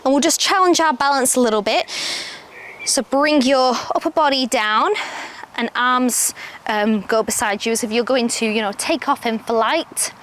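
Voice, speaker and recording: A young adult woman teaching a yoga class outdoors, giving calm step-by-step cues. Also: a little high, moderate pace, a little hiss or hum. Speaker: yoga instructor. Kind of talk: guided yoga class instruction. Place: outdoors, birds audible. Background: faint outdoor ambience with birdsong.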